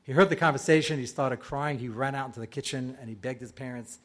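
A man's voice: mid-range voice, fast, hardly any pauses. A man giving a storytelling sermon to a live audience as a rabbi, acting out the voices he quotes.

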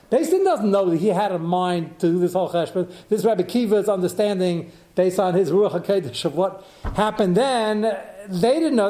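A man's voice: sits high, a little mellow. A man teaching a Talmud lecture who thinks aloud, asks rhetorical questions and mixes in Hebrew terms. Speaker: Torah teacher.

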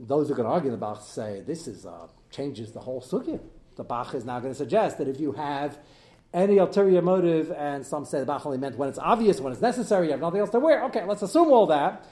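A man teaching a Talmud class as a rabbi, animated and joking, his voice jumping up and down as he mixes in Hebrew study terms. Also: fast. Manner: animated, swings in pitch and loudness. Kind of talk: lively Talmud lecture with jokes.

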